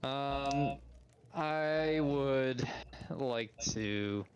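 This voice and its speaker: A man taking part in a tabletop game, relaxed and unhurried. He mostly answers in short, easygoing replies. His voice sits at an ordinary pitch and moves slowly. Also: clear, resonant tone, highs cut off. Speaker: player.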